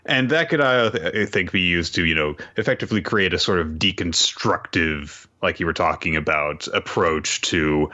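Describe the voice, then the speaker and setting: A man co-hosting a casual chat about a series, wry and quick to laugh. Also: low voice, sharp tone, muffled recording. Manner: laughs often, wry, drifts into quoted voices. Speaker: co-host.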